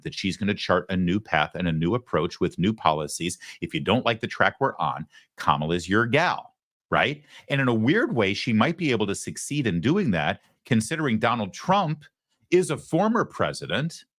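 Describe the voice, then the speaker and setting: Male political talk host, deep voice, dry close sound, sarcastic and emphatic. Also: fairly bright tone, no room sound. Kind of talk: opinionated commentary.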